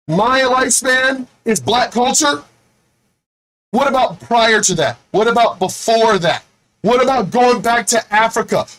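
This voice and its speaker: A man's voice: very high voice, fairly bright tone, low-quality recording. A man hosting his own video, delivering an angry, profane rant with lots of repetition. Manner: says he is angry and fed up. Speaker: video host.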